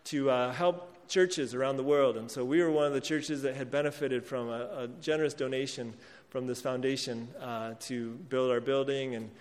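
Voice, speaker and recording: A man preaching a sermon in an earnest manner, pausing and restarting as he speaks and lifting his voice when reading scripture. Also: mid-range voice, fairly even intonation, darkish tone, big-room sound. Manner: earnest, reads scripture aloud with rising emphasis. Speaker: pastor.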